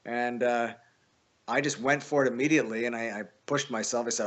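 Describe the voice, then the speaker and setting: A man's voice: mid-range voice, fairly quick. Chatty man telling a wild story. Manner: animated, swearing, frequent restarts. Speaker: podcast guest. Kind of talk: casual storytelling.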